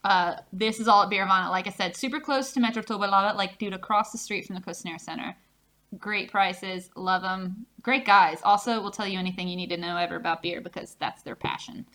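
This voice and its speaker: A woman's voice: mid-range voice, a little fast, pushed and bright. A woman co-hosting a casual beer-tasting podcast, chatty and laughing, swearing now and then. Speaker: podcast co-host.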